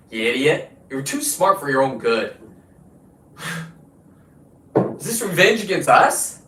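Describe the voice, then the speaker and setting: On his own show, a male host launches into a combative, boastful rant laced with profanity. His medium-pitched voice sounds pushed and bright, recorded in a roomy space far from the mic.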